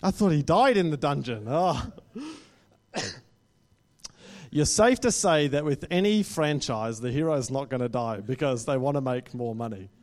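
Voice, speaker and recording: A man's voice: mid-range voice, lively intonation, a little slow, darkish tone. A man preaching a sermon to a congregation, speaking conversationally and often checking in with "right?".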